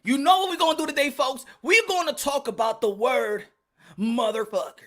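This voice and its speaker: A man running his own boxing commentary channel, with a high, bright and forceful voice. He talks in a loose, slangy, animated way, stacking up repeats and jokes as he rants to his viewers. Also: normal speed. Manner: animated, slangy, repetitive, joking. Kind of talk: casual commentary vlog.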